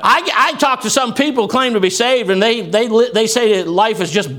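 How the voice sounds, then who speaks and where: A man preaching a fervent sermon and quoting scripture, swinging from low, quiet asides to raised, shouted lines. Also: a little fast. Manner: quotes scripture.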